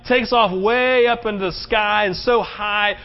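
Male pastor, fairly high voice, preaching with emphatic surges, on a muffled, lo-fi recording. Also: a little slow. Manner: emphatic preaching, rising to loud, high-pitched peaks; animated storytelling with frequent "right?" asides. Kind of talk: sermon. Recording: dull, lo-fi sermon recording.

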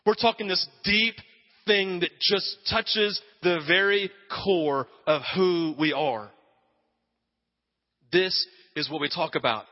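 Animated high-voiced male pastor preaching. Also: big-room sound, highs cut off. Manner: animated storytelling, acts out cheering and quotes, shouting bursts. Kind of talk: sermon.

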